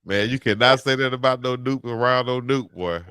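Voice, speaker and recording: A man co-hosting a casual live stream, telling animated stories about himself and laughing through his own words. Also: medium pitch, moderate pace, clear, resonant tone, dry recording, clean studio sound. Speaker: podcast co-host.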